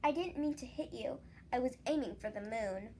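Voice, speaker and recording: A woman voicing a young boy god in a children's storybook, with a loud, boyish, whiny manner. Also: fairly high pitch, moderate pace, slight background noise, natural voice. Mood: earnest. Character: young boy elephant-headed god, proud and sweet-loving. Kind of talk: children's storybook read-aloud.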